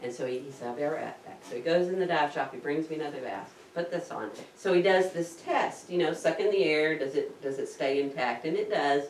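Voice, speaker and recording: A woman with a low voice tells a lively story about herself, acting out her own startled gasps. She sits back from the mic in a roomy space that echoes around her, with a faint hum of ambience behind. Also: a little fast, few pauses, far from the mic. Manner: animated, acts out her own gasps and panic. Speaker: diving vlogger recounting her scuba course. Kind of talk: casual storytelling to camera. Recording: roomy echo, speaker set back from the mic.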